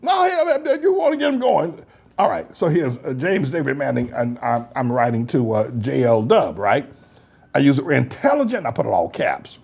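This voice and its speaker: A male pastor giving mocking commentary on comments he reads aloud, laughing often and swinging between loud highs and low mutters. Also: sing-song, normal speed, vocal fry, slightly rough. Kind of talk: preacher's commentary reading online comments.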